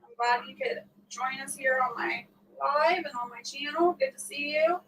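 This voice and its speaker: A middle-aged woman chatting on a live stream, laughing often as she tells stories. Her voice is a little high and sits away from the mic. A faint hum of room noise runs underneath. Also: normal speed, pushed and bright, recorded from a distance, poor audio. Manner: laughs often while telling prank stories. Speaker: vlog host. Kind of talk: casual live-stream chat.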